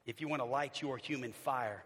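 A man in his fifties preaching a sermon as a pastor, swinging between loud bursts and hushed passages. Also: mid-range voice, normal speed, breathy edge. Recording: long reverb of a large hall.

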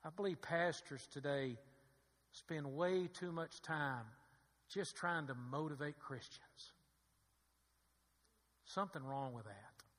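A pastor preaches a sermon in a church sanctuary, building to fervent peaks and calling on the congregation for an amen. His voice is on the high side and fairly bright, slow with long pauses, and his rising fervor comes with call-and-response asides. The recording carries a long hall reverb.

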